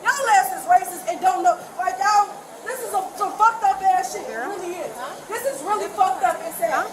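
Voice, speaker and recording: A young woman from the American Midwest, loud and defiant, arguing with police at an airport, caught on a bodycam. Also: very high-pitched, normal speed. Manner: loud, defiant, talks over others. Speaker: angry airline passenger. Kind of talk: heated argument with police. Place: busy airport terminal. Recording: bodycam audio in noisy crowd. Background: loud crowd chatter.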